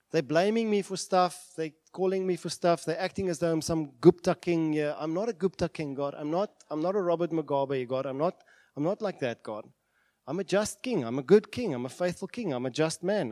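A man's voice: on the high side, expressive, moderate pace, warm tone, no room sound. A man preaching a sermon with passion, voicing prayers aloud. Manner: impassioned, acts out prayers aloud. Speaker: pastor.

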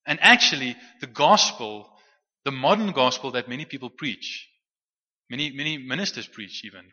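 Male preacher, very bright tone, casual teaching delivery full of restarts, muffled hall recording. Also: mid-range voice, expressive, normal speed, pauses often. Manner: conversational with frequent restarts and stammered repeats. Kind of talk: sermon teaching. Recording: muffled sound with long hall reverb.

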